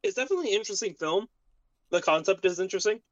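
A man co-hosting a casual podcast, easygoing and quick to laugh, talking while he eats dinner. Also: high voice, lively intonation, a bit bright, no room sound, dull audio. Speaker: podcast co-host. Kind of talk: casual chat.

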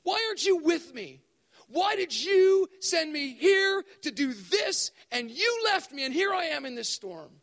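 A man preaching a sermon at a spiritual event, animated and acting out voices to make his points. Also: extremely high pitch, creaky, in a large hall. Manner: animated, acts out voices for effect. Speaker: speaker at spiritual emphasis days.

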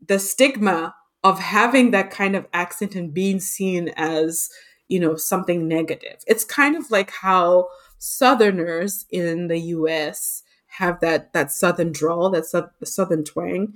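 A woman hosting a podcast, talking in a chatty, expressive way with frequent fillers. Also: on the low side. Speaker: podcast host. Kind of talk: casual conversation.

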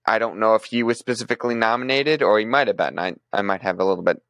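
A man's voice: on the low side, fast, fairly bright tone, no room sound. A man co-hosting a podcast, talking through news in a casual, thinking-aloud way with frequent restarts. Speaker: podcast co-host presenting news.

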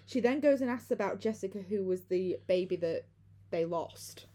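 A woman's voice: medium pitch, normal speed, mellow. A young woman hosting a podcast, recapping a film in a chatty way and laughing easily. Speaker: podcast host. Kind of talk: casual film recap chat.

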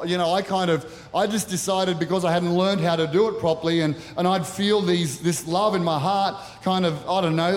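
A man's voice: sits high, a little hiss or hum. A middle-aged man preaching as a pastor at a church service, earnest and personal with touches of light humor. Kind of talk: sermon. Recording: reverberant church hall.

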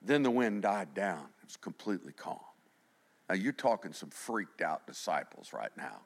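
A middle-aged man preaching a sermon, animated, swinging between loud emphasis and hushed passages. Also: deep voice, moderate pace, creaky. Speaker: pastor.

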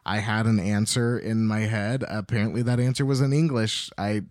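A man's voice: lowish voice, fairly even intonation, moderate pace, no room sound, studio quality, pitched below the performer's own voice, natural voice. A man voicing a flustered chatty hen. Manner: rambling, unsure, quiet. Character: flustered talking hen, female, anxious and chatty.

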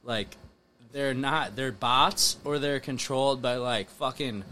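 A man's voice: mid-range voice, takes it slowly, bright, forceful tone. A man ranting emphatically and swearing in a casual chat with friends.

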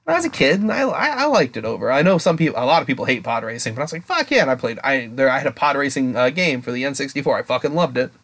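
Fast, animated, swearing man. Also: mid-range voice. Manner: animated, profane, rambling. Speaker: podcast co-host. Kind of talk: casual podcast chat.

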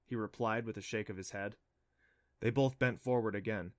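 A man reading a children's novel aloud as an audiobook narrator, in steady storytelling. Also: on the low side, moderate pace, no echo, studio quality. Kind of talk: scripted narration.

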